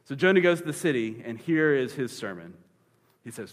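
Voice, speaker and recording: A man preaching a sermon, retelling a scripture story in a lively, joking way with comic asides. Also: mid-range voice, brisk. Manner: animated, playful storytelling with dad-joke humor. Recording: long reverb of a large hall.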